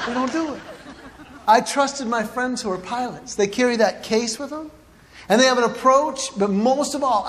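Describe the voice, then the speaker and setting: A man with a high, animated voice spins a funny story for a crowd. He acts out his own panic with sudden yelps and quick asides. The sound carries a long hall echo over a faint hum of the room. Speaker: Christian comedic speaker. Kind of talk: storytelling stand-up talk.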